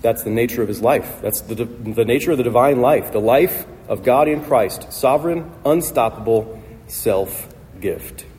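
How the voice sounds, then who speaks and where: This pastor's voice is mid-range and darkish, delivered at a measured pace, as he preaches with forceful, repeated rhetorical lines. It was captured in a church hall, with a long reverberant tail and slight noise.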